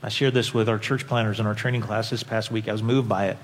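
A man preaching a sermon as a pastor, impassioned, swinging from quiet, low passages to loud, high peaks. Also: flat delivery, fast talker, a little hiss or hum. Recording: long hall reverb.

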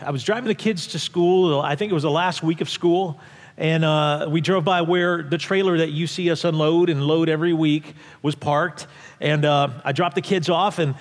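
A male pastor tells a story from the pulpit in a casual, halting way, often restarting his sentences. His voice sits a little high for a man. The sound rings with a long reverb from the hall. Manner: conversational, halting with restarts, drops quiet for tense moments. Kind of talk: sermon storytelling.

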